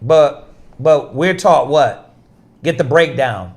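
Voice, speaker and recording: A man's voice: a little high, animated, slow pace, a little mellow. A man teaching scripture to a class, emphatic and repetitive, firing off rhetorical questions. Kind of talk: preaching in a class.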